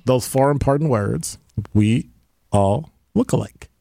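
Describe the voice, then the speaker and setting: A man hosting a radio talk show in a studio, talking casually with dry, deadpan replies. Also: mid-range voice, takes it slowly, creaky, no room sound.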